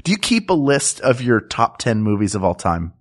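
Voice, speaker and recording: A man's voice: medium pitch, very animated. Easygoing laughing male podcast co-host. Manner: easygoing, laughs often, halting restarts. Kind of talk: casual comedic chat.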